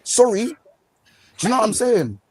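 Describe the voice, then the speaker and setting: A man's voice: on the high side, animated, fast. A man ranting heatedly as co-host on a football podcast, repeating himself and full of slang. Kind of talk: heated casual chat.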